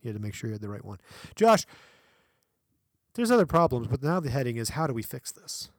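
A man co-hosting a podcast in casual chat, animated and laughing often, now and then reading from an article. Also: mid-range voice, racing, no room sound, clean studio sound. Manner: animated, laughs often, breaks into playful voices. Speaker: podcast co-host.

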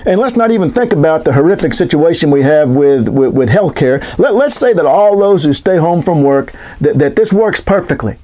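High-voiced sarcastic male commentator. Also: moderate pace, hardly any pauses. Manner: sarcastic, animated, rhetorical questions. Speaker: political commentator. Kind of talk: political commentary monologue.

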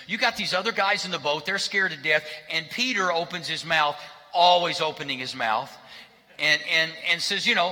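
Male pastor, sermon, chatty with jokes, slightly high, echoing church hall. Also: fairly quick, sharp tone. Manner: conversational, joking asides. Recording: reverberant hall.

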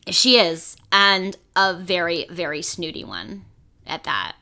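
A young woman co-hosting a podcast in casual chat, blunt, profane and animated. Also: fairly low pitch, slow, vocal fry. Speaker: podcast co-host.

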